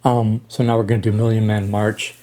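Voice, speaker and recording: A man in his sixties talking casually as he reacts to music, halting with frequent ums and restarts. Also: lowish voice, level tone, warm tone. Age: 60s. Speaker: reaction channel host.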